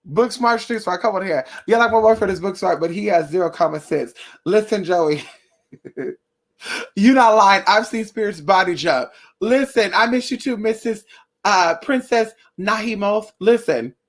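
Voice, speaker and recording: A young woman vlogging in a casual chat with her viewers, blunt and profane, telling animated stories. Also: medium pitch, normal speed. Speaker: spiritual vlogger.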